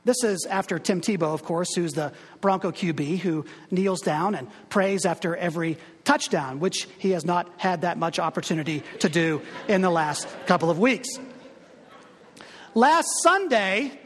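Male pastor, sermon, high voice, conversational and joking, long church reverb. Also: animated, moderate pace, fairly bright tone. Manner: conversational, humorous preaching with asides.

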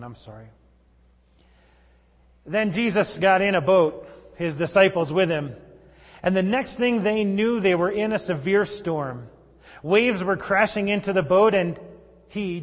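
A male pastor preaching a sermon in a church, conversational and wry, with sudden emphatic outbursts. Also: fairly high pitch. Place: church sanctuary. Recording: long reverb of a large church hall.

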